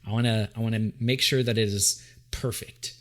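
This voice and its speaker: A man's voice: on the low side, steady tone, normal speed. A man from Tennessee hosting a casual podcast, playful and talkative, often restarting his sentences. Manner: playful, trails off and restarts, breaks into sung jingles. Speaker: podcast host. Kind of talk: casual chat.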